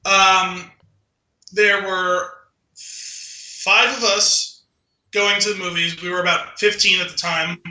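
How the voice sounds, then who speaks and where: A high, sharply bright male voice rambles through a story with dry asides. He is chatting casually as a podcast co-host. The sound is roomy and echoey. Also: steady tone, slow pace. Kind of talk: casual chat. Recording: roomy echo.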